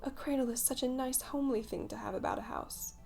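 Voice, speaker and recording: A woman's voice: high-pitched, a little fast, vocal fry, a little mellow, pitched above the performer's own voice. A woman voicing a prim, motherly girl who scolds a crowd of boys, in a storybook reading. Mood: scolding.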